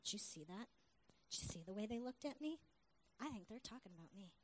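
A woman's voice: sits high, fairly even intonation, brisk, pitched above the performer's own voice, close to an everyday voice. A woman voicing a panicked, bewildered male pharmacist who rambles anxiously and questions himself. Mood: paranoid whisper.

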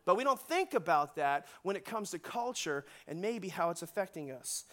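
A male pastor preaching a sermon in an animated storytelling way, laughing often. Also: high-pitched, a little fast.

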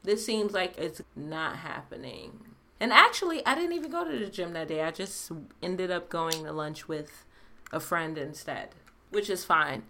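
A woman's voice: lowish voice, expressive, unhurried, creaky, bright, forceful tone, a little hiss or hum. A woman co-hosting a casual chat, laid-back and slangy, laughing often.

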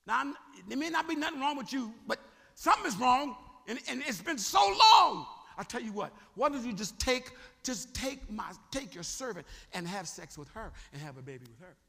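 A man's voice: high voice, sing-song, moderate pace, creaky, few pauses, pushed and bright, in a large hall, full character voice. A man putting on a desperate, pleading woman. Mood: pleading, frustrated. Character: desperate, frustrated woman pleading with her husband.

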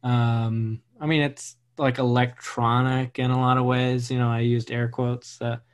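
A man's voice: mid-range voice, level tone, a little slow. A man in casual music chat, hedging often with "like" and "you know".

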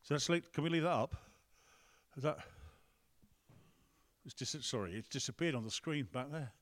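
A man's voice: medium pitch, moderate pace. A man preaching a conversational sermon, breaking off to ask the room and the tech team for help. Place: church hall with a screen.

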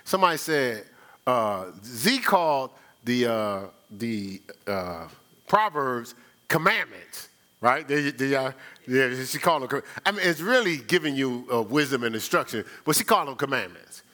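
Animated preaching man, lively bright voice. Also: mid-range voice, normal speed. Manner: animated, rhetorical questions, repeats himself. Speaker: pastor. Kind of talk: conversational sermon.

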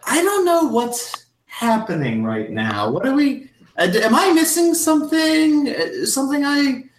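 Brief: man playing a flustered lady hostess, voice pushed up high and lively, tabletop game, roomy room. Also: heavily acted. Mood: confused. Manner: flustered, halting questions. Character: fussy, flustered woman hostess. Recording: roomy echo.

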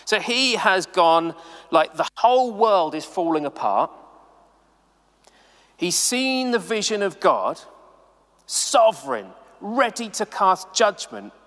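A man preaching a sermon to the camera in a chatty, animated way, full of casual asides. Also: high voice, slow pace, long pauses, big-room sound. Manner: animated, conversational, many "like"s. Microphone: camera mic.

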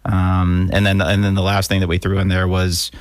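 A man's voice: deep voice, monotone, moderate pace, no echo. A man co-hosting a money podcast, explaining steadily in casual chat with many fillers. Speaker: podcast co-host.

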